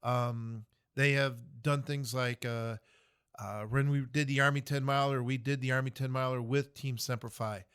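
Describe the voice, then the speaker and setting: A man's voice: mid-range voice, steady tone, moderate pace, fairly bright tone, smooth. A man in his fifties from the United States, a military veteran, speaking earnestly and reflectively as a podcast guest. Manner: earnest, reflective, many fillers and restarts. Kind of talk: podcast interview.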